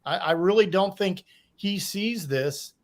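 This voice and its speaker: A man, a former drug agent and profiler, giving measured commentary on a podcast with some dry humor. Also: sits high.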